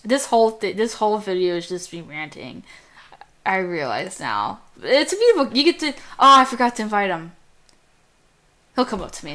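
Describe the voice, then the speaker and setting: A woman's voice: medium pitch, a bit bright. A young adult woman with a youthful, girlish voice, chatting and ranting casually over gameplay, easily distracted and swearing now and then. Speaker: gameplay commentator.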